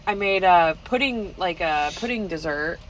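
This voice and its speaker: A woman in casual chat, telling lively stories and acting out what people said. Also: on the low side, normal speed, a crowd in the background, poor audio. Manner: lively storyteller, acts out quotes. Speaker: trapper.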